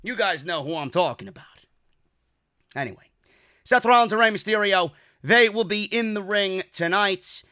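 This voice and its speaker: A man's voice: high-pitched, normal speed, sharp tone, smooth. A young man from New York ranting sarcastically and profanely while reviewing a wrestling show.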